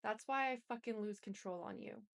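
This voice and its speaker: A woman's voice: mid-range voice, normal speed, creaky, close to an everyday voice. A woman reading out the lines of a manipulative, pleading man in her own voice. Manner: read out plainly in her own voice.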